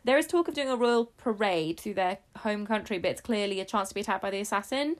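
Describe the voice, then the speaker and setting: A woman's voice: medium pitch, expressive, fast. A woman in casual chat, animatedly retelling a novel's plot and swearing freely. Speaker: book podcast co-host.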